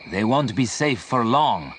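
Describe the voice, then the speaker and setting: Man doing a calm storybook man making a formal radio call, measured, animated pitch. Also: slight background noise. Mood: resolute.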